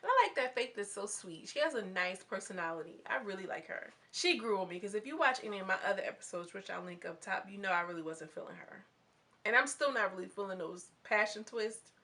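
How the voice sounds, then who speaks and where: A woman's voice: medium pitch, bright, forceful tone. A young adult woman vlogging a casual, gossipy recap of a reality show, chatty and full of slang as she talks straight to her viewers.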